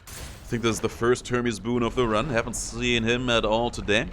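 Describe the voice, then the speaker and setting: A man's voice: medium pitch, flat delivery, normal speed, music in the background. A young man giving casual commentary on his own gameplay, playfully taunting enemies as he goes. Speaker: gameplay streamer.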